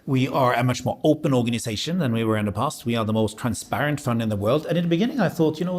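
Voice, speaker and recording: Upbeat Norwegian-raised man being interviewed. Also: medium pitch. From Norway. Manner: energetic, upbeat, with frequent fillers and restarts. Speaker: sovereign wealth fund CEO and podcast host. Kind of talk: casual interview conversation.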